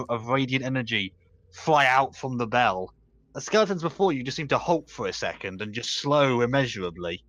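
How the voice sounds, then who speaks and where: A man's voice: mid-range voice, fairly bright tone. Guy dm narrating skeleton fights, laid back, lots of "just" and "like", mid voice. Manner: casual, loose narration with many fillers. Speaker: game master. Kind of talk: narrating a tabletop game.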